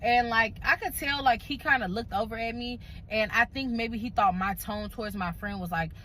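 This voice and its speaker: A woman's voice: fairly high pitch, normal speed, bright, forceful tone, a little hiss or hum, poor audio. A woman telling a casual storytime in a blunt, profane, conversational way.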